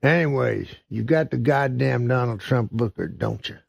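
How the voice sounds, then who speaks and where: A man's voice: mid-range voice, normal speed, vocal fry, husky, no room sound. A man putting on a blustering big redneck. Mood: bullying. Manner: blustering, rude, insistent. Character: big fat loud rude redneck man.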